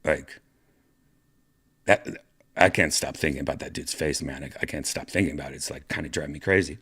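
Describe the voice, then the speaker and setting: Deep-voiced man rambling through a story. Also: brisk, a bit bright, husky. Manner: rambling, profane, many fillers and restarts. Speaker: podcast host. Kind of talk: casual storytelling monologue.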